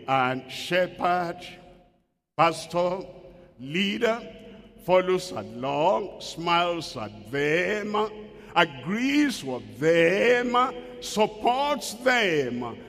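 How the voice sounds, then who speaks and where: A man's voice: high voice, sing-song, slow, fairly bright tone. A man preaching a sermon emphatically, asking rhetorical questions and acting out quoted voices. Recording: long hall reverb.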